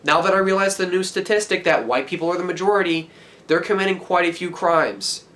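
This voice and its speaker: A teenage boy in a heated, profane rant, yelling at the camera as a vlogger. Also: high-pitched, brisk. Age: teens.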